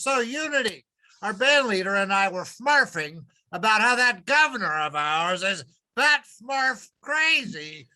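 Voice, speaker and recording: A man's voice: extremely high pitch, pushed and bright, full character voice, rough recording. A man playing a smug male Smurf talk-show host, delivering a corny self-satisfied monologue in a comedy sketch.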